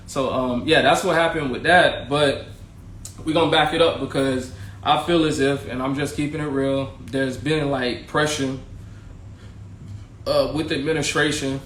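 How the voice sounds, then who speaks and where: A podcast host who used to be a teacher tells his own story casually, speaking straight to his viewers in candid, slangy language and swearing freely. His voice is medium in pitch and fairly bright. He is recorded in an echoey room with faint ambience and slight background noise.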